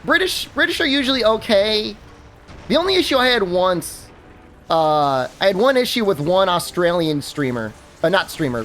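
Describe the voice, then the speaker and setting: Streamer, casual gaming chat, rambly and animated, lots of fillers, soft music underneath. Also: mid-range voice. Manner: rambling, many fillers and restarts, laughs at own stories. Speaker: game streamer.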